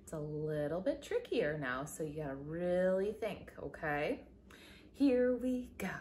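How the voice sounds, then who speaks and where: A woman music teacher giving a recorded lesson to young children, with an animated sing-song delivery, big pitch leaps and slow, encouraging explanations. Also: slight background noise.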